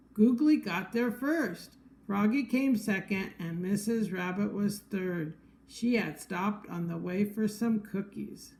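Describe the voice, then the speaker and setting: A woman reading a picture book aloud to a child, gently pointing out the pictures. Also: medium pitch, poor audio. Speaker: storybook reader.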